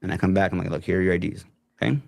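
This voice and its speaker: A guest tells a long personal story casually, animatedly acting out other people's lines. His voice sits low and creaky, he talks very fast, and the recording is dry.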